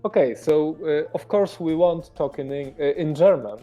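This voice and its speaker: A man's voice: fairly high pitch, moderate pace, mellow, faint music behind. A man with a Polish accent narrating as game master of a horror tabletop game, hesitant and full of fillers. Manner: hesitant, many fillers, searching for words.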